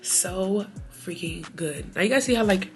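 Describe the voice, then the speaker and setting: A woman beauty vlogger chatting casually through a get-ready-with-me video, animated and sassy. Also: medium pitch, measured pace, over music.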